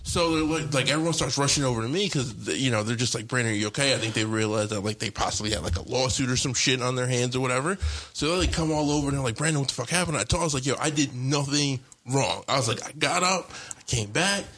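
A man's voice: mid-range voice, fast talker. A young man casually telling a long story on a podcast, rambling, with lots of fillers and swearing. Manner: rambling, heavy on fillers and profanity, animated retelling.

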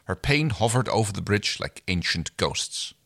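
A man's voice: on the low side, animated, normal speed, creaky, a bit bright, no echo, studio quality. A man co-hosting a podcast, narrating a novel and chatting agreeably. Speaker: podcast co-host reading aloud. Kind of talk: scripted narration and casual chat.

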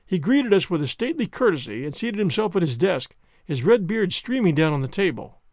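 A man narrates an audiobook with a fairly high voice and animated, lively intonation. His tone carries a gravelly texture, and the recording is dry and close. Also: brisk, no echo.

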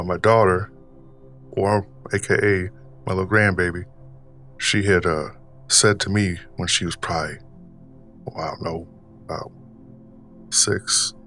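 A man with a very low, deep voice, deliberately putting on an old-timer's Southern drawl as he hosts his podcast. He rambles unhurriedly through a casual story, full of fillers and restarts. Faint music plays softly underneath. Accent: put-on Southern US drawl. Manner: deliberately puts on an older man's voice. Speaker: podcast host.

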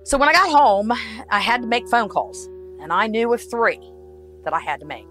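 A woman recounting a traumatic family event, halting and emotional, acting out the voices of others as she speaks. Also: a little high, big pitch swings, fairly bright tone, faint music behind, rough recording. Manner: halting, emotional, acts out dialogue. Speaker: interviewee recounting a family tragedy. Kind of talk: personal account in interview.

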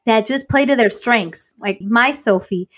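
A woman co-hosting a podcast, chatting casually and telling a lively story, slipping Spanish phrases into her English. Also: fairly high pitch, measured pace. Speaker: podcast co-host. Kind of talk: casual chat.

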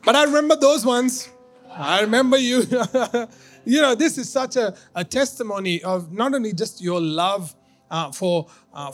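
A male pastor preaching a sermon to his church, excited and laughing, with many fillers and restarts. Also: high voice.

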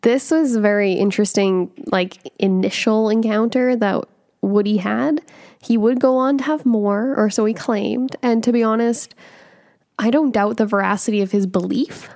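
A woman with a mid-pitched voice co-hosts a casual podcast. She chats in a relaxed way and adds thoughtful comments to the discussion. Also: moderate pace. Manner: reflective, adds comments and agreement. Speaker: podcast co-host. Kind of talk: casual chat.

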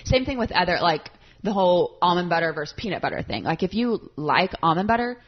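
A young woman with a somewhat low voice chats casually as a podcast co-host, animated and emphatic and quick to laugh. The recording sounds a little dull and muffled. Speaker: podcast co-host who works with clients on food. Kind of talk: casual chat. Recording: slightly dull podcast audio.

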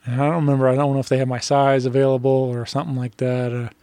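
A man with an ordinary mid-range voice hosts a relaxed podcast chat. He rambles and circles back, agreeing readily with his guest, and his voice sounds dry and close to the mic. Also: medium pitch, no room sound. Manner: rambling, many fillers and restarts, quick to agree. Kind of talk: casual chat.

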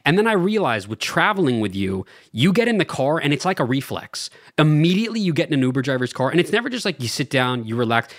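A man's voice: on the high side, big pitch swings, fast talker, few pauses, no echo, clean studio sound. A man telling stories in casual chat, teasing his co-host in a laid-back way.

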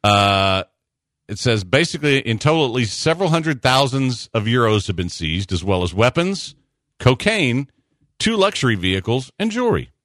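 A man hosting a sports radio show, chatting casually and telling stories with quick asides. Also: medium pitch, dry recording, studio quality. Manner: animated storyteller, quick asides.

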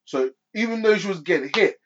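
A man's voice: sits high, animated, fairly quick, background noise. A man co-hosting a casual film chat, hesitant and often restarting his sentences. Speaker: podcast co-host. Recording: dull lo-fi sound.

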